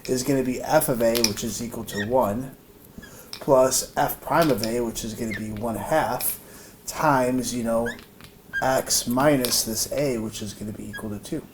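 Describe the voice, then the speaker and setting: A man giving an informal math lesson, thinking aloud with many fillers and restarts. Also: medium pitch. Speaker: math teacher. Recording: noisy room recording.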